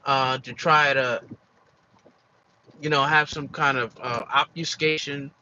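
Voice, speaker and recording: Emphatic, bright-voiced man vlogging. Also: medium pitch, fairly even intonation, slow pace, muffled recording, slight background noise. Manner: emphatic and repetitive, with many fillers and restarts. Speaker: commentary vlogger. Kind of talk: casual opinion monologue.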